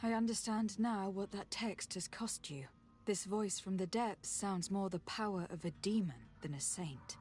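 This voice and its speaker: A composed female envoy, voiced by a woman in a video game, calm and measured as she weighs her options. Her voice sits at a middling pitch. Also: soft background music, lightly acted.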